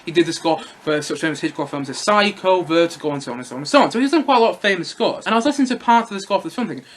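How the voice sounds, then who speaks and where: A man's voice: sits high, expressive, rapid-fire. A man giving a casual, enthusiastic film review, rambling and repeating himself.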